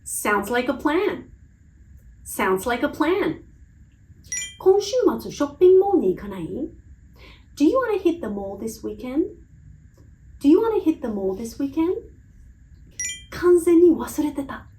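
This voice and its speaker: A woman English teacher reading a phrase lesson, saying each phrase in Japanese and then twice in English, slowly and with careful, clear pronunciation. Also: high-pitched, big pitch swings, dark tone, a little hiss or hum, low-quality recording.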